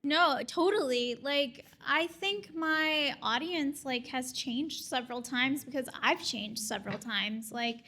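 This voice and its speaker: Female panelist, high and bright, chatty with lots of fillers. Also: takes it slowly, few pauses. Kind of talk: casual panel answer.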